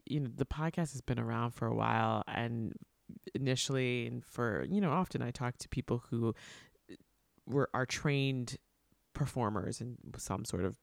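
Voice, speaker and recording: A man who hosts a podcast and talks in a halting, casual way. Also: mid-range voice, gravelly, no echo. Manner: halting, restarts mid-thought. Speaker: podcast host. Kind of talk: casual conversation.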